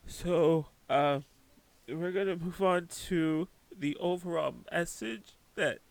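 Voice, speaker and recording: A man's voice: on the high side, takes it slowly, creaky, no room sound. A man giving a spiritual tarot reading, emotional and close to tears, who keeps breaking off mid-sentence to compose himself. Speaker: tarot reader.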